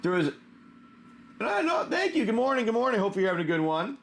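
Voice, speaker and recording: Casual male stream host, fairly high-pitched, chatty and friendly with viewers, loose and full of fillers. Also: sing-song, brisk. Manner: chatty, greets viewers by name, many fillers. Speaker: live stream host opening card packs. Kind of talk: casual live stream chat.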